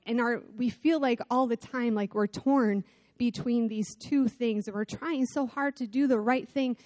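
Animated woman preaching a sermon. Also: fairly high pitch, no echo, clean studio sound. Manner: animated, self-deprecating storyteller. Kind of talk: sermon with personal story. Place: church sanctuary.

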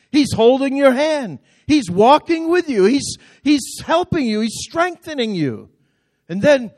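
High-voiced, impassioned male pastor preaching. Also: dry recording. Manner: impassioned, building to shouted call-and-response. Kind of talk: sermon. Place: church auditorium.

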